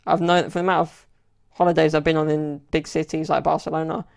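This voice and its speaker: A man rambles through a casual solo podcast story, leaning on lots of fillers. His voice has a gravelly fry, and his pitch stays flat and even. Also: fast. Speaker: podcast host.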